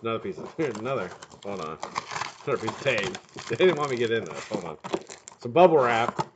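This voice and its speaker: A man hosting a live stream in casual chat, greeting viewers by name and swearing freely, his voice sounding a bit hoarse. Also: lowish voice, sing-song, quick pace, dull audio, noisy background. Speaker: livestream host.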